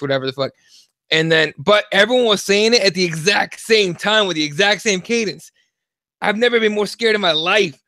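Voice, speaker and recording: A man co-hosting a casual comedy podcast, telling stories with plenty of swearing and lively energy. His voice sits somewhat high for a man. The recording is dry and close, with no room sound. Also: fairly quick, no echo. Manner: profane, animated storyteller. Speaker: co-host.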